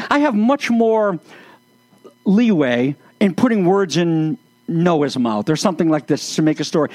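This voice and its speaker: A man preaching in a sermon-style commentary, earnest and exasperated, with sarcastic turns. His voice sits high for a man. The sound is dry and close, with no room around it. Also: dry recording. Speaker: pastor.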